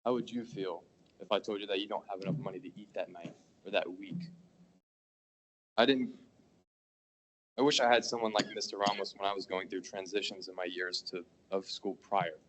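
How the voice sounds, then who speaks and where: A teenage boy, a high school student, giving earnest public comment at a school board meeting and stumbling over his words as he goes. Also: steady tone, normal speed, pauses often, a bit bright, poor audio. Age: teens. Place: meeting hall.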